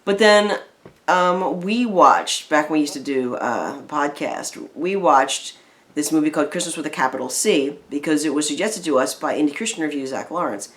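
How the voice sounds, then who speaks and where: A woman co-hosting a casual film review chat, retelling the plot in a rambling, animated way full of fillers. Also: deep voice, moderate pace.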